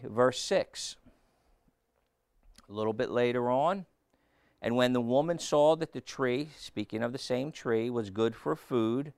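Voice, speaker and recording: A man's voice: medium pitch, clear, resonant tone, no echo, clean studio sound. A man preaching a sermon, reading scripture aloud and throwing questions back at the listeners.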